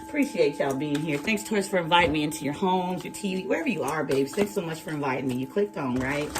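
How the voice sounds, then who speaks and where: A woman tarot reader chatting casually and telling an animated story, laughing and using slang. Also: sits low, fast talker, very noisy. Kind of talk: casual chat. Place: home kitchen, early morning.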